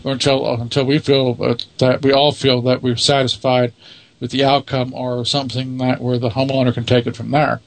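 A man's voice: mid-range voice, flat delivery, a little fast, no room sound. Dry, matter-of-fact man leading a ghost team. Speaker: paranormal investigation team leader. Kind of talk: casual interview answers.

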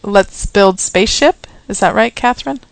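A woman's voice: medium pitch, normal speed, vocal fry, no room sound. A woman hosting a casual radio chat, quizzing her co-hosts in a teasing way. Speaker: host playing clips.

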